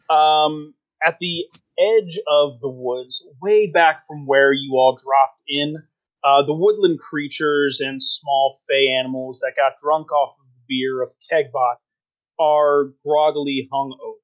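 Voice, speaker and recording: Guy running a tabletop game, kinda high voice, muffled call audio. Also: fairly even intonation, slow. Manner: descriptive, filler-heavy. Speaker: game master.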